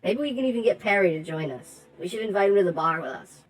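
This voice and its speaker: A woman's voice: mid-range voice, animated, quick pace, low-quality recording. A woman playing in a tabletop game, brash and crude, scheming in casual chat. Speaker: player.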